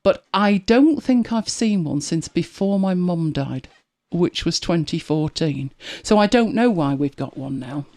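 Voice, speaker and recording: With a lowish, darkish voice and lively intonation, this woman speaks a little slowly yet barely pauses. She hosts a live podcast, offering chatty, wry stories of ordinary life and laughing along in her Manchester English accent.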